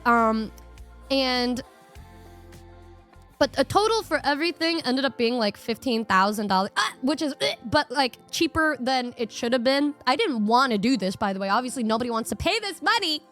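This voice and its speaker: A young woman streamer telling a story to her audience in a casual, animated way, swearing freely and acting out her reactions. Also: sits high, moderate pace, soft background music.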